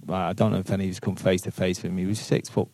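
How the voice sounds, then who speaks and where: A man's voice: sits low, little pitch movement, rapid-fire, a little mellow, no room sound. A man, a football manager answering questions earnestly at a live podcast, often repeating words as he thinks aloud. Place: boardroom with live audience.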